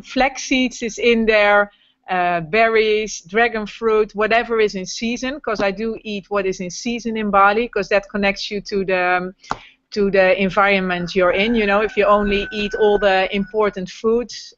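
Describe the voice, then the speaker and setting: A Dutch woman with a Dutch accent, a guest health coach on a video call, speaking in a measured, thoughtful way. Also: mid-range voice, a bit bright, no room sound. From Netherlands. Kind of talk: casual interview on a video call. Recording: dry, dull lo-fi video call audio.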